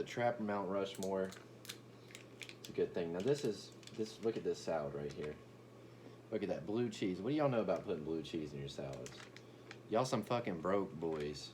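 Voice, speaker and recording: A man's voice: sits low, a little mellow, slight background noise. A young man ranting in a brash, profane, boastful comedic commentary, stumbling over restarts as he talks.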